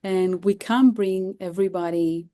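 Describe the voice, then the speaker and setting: A woman's voice: mid-range voice, steady tone, a little slow, mellow. A woman therapist from Cyprus as an interview guest, speaking thoughtfully with many fillers and repeated phrases. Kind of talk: interview conversation.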